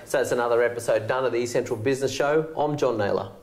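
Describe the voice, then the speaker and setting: A man's voice: mid-range voice, quick pace, a little mellow, reverberant, a little hiss or hum. An Australian man hosting a business show, chatting easily with his guest and reading out the show's promotions. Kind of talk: casual interview and sign-off.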